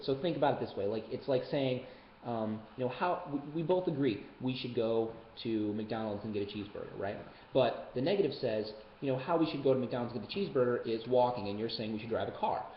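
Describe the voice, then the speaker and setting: A young man coaching debate into a webcam in a casual, joking way, full of quick asides. His voice sits at an ordinary pitch. The audio is dull and roomy, with a faint hiss behind it. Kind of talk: webcam lesson. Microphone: webcam mic.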